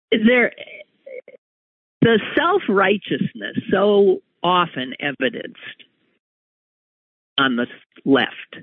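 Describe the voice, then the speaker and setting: A man's voice: high-pitched, no echo. A man hosting a talk show, giving a wry, emphatic opinion monologue with sudden rises on key words. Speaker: radio talk host. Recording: tinny phone-like radio audio.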